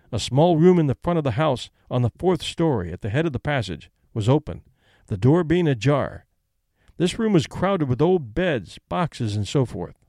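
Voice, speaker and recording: A man reads a story aloud in a measured, expressive way, giving formal testimony a steady pull. His voice sits a little high and moves widely in pitch. The recording is dry and close, with no room sound. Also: dry recording. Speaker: audiobook reader. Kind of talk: scripted narration.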